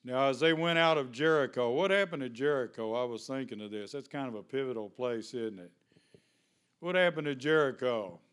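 A man's voice: mid-range voice, fairly quick, fairly bright tone, smooth. A male pastor, preaching a sermon in a conversational way, full of questions to the congregation.

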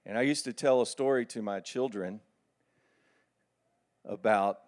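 A middle-aged man preaching a sermon with animated, folksy storytelling. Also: on the low side, measured pace.

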